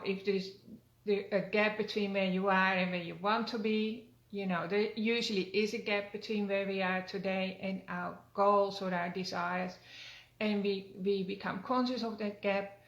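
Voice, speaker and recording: Older woman wellness coach, gravelly even voice, earnest and gentle, roomy echo. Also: medium pitch, unhurried, lo-fi sound. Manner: gentle, earnest, with frequent fillers and restarts. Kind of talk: spoken self-help talk.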